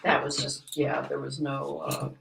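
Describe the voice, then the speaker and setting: A woman's voice: extremely low pitch, monotone, vocal fry, background noise. An older woman chatting casually on a livestream, absorbed in her work and talking to herself as she renumbers prints. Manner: slow, absorbed, talks to herself while working. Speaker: voice actress signing prints.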